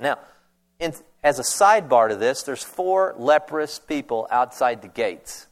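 Man preaching a lively storytelling sermon. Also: medium pitch, measured pace. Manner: animated storytelling, acting out voices in retold scenes; conversational, with restarts and asides.

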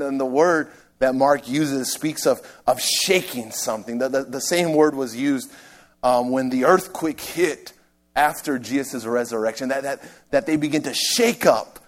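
A man preaching a sermon with emphatic, repetitive delivery, swinging between loud passages and hushed ones. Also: mid-range voice, a little slow. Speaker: pastor.

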